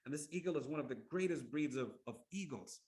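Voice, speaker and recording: A man's voice: a little high, animated, quick pace, a little mellow. A man voicing a devoted adult male villager who speaks earnestly and deferentially to a king.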